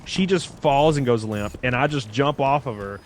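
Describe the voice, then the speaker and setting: A man's voice: medium pitch, noisy background. A man chatting on a stream, brash and boastful about his past. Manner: brash, boastful, rapid-fire talker. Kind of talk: casual profane chat. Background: music.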